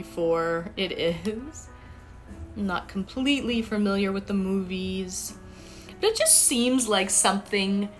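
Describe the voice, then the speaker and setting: A woman streaming live, chatting casually and talking straight to her viewers. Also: medium pitch. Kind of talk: casual livestream chat.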